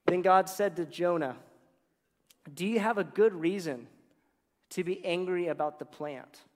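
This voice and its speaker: A man's voice: sits high, a little slow, a little mellow, in a large hall. A man preaching a sermon, retelling scripture in a casual, humorous storytelling way with slangy asides.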